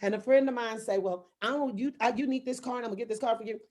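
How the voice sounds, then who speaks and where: Woman guest, high voice, animated storyteller who laughs mid-story. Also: racing. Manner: animated, laughs while telling stories. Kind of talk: lively personal storytelling.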